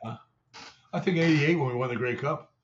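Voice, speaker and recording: A man's voice: mid-range voice, fairly quick. Older guy, ex-player, rambles and swears telling old footy stories, muffled lo-fi sound. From Canada. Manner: rambling, salty storytelling with mimicry. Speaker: former player, show analyst. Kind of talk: casual sports talk.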